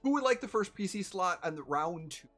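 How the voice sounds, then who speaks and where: Lively, chatty game master. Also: mid-range voice, soft background music. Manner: chatty and halting, many fillers. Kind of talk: running a tabletop game over voice chat.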